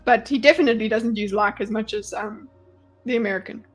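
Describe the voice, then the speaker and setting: South African woman, fairly high voice, casual home streamer with faint music behind. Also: brisk, breathy edge. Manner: chatty, animated, swears and laughs often. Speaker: streamer reading chat. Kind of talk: casual live-stream commentary. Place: her home.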